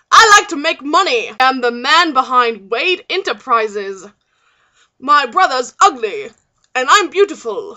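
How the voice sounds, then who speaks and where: A woman's voice: sits high, pitched above the performer's own voice, exaggerated voice. Woman doing a smug rich British tycoon. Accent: poor put-on British accent. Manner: boastful, loud, hammy.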